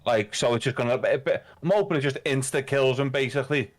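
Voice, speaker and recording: Brief: male player, mid-pitched, blunt, plans his actions out loud. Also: fast talker. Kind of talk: casual tabletop play.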